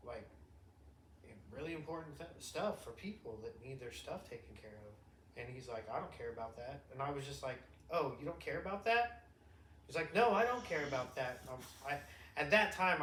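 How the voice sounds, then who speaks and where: Profane, animated middle-aged man in echoey room. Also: on the high side, slight background noise. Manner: profane, animated storytelling with shouted impressions. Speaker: podcast co-host, father. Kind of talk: casual chat.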